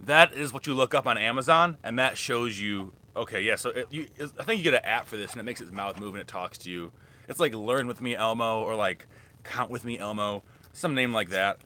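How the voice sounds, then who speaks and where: A man's voice: lowish voice, a little fast, bright, forceful tone. A young man rambling casually through a live thrift haul as a reselling vlogger. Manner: rambling, chatty, restarts often.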